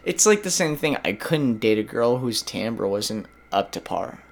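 A young man in casual podcast chat. His voice sits at a middling pitch, and he wanders through his points with a string of "like"s and restarts, always half joking. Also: lively intonation, unhurried. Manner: rambling, full of "like" and restarts, jokey. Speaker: podcast co-host.

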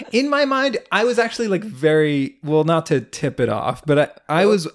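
A chatty podcast host who laughs often and keeps trailing off and starting sentences over. The voice is pitched in the middle and rises and falls a lot. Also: lively intonation, moderate pace. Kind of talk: casual podcast chat.

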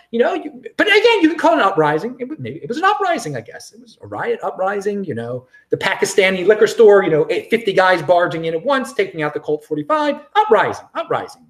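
A man's voice: high-pitched, sing-song, quick pace, hardly any pauses, fairly bright tone. A man hosting his own cryptocurrency show, talking in a sarcastic, rambling way with frequent restarts and chuckles. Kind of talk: casual livestream commentary.

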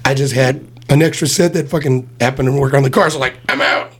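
Fast-talking, husky, foul-mouthed storyteller man. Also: mid-range voice. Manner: profane, animated storytelling with acted-out quotes. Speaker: podcast host telling stories. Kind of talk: casual storytelling chat.

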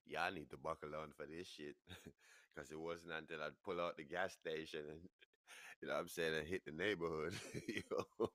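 A man with a New York accent, a podcast host telling a wild story, laughing as he goes and pitching his voice way up when he quotes people. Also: steady tone, moderate pace, fairly bright tone, dry recording, studio quality. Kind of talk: animated storytelling.

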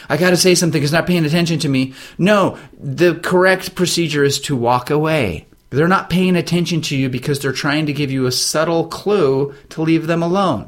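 Middle-aged male host, casual monologue, emphatic storyteller with a blunt streak. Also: fairly high pitch. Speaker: author and show host. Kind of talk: casual monologue, advice talk.

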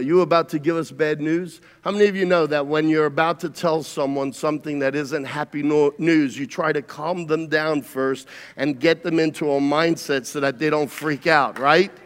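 A man preaching a sermon as pastor, swinging between shouted climaxes and hushed, quiet passages. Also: on the high side, long reverb tail.

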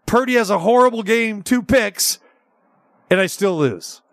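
A man hosting a sports talk radio show, telling stories in an animated, excitable way with stammered restarts. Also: high-pitched, measured pace, noisy background.

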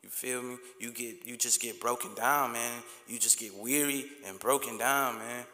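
A man hosting a podcast delivers a blunt, impassioned monologue packed with street slang. His mid-range voice is steady, pushed and bright at a moderate pace, recorded in an echoey room with long reverb.

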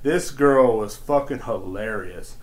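A man ranting alone into his podcast mic, crude and full of swearing. He rambles from one gripe to the next. His voice jumps between loud, excited bursts and low, half-swallowed mutters. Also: slow. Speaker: podcast host. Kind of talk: casual solo podcast rant.

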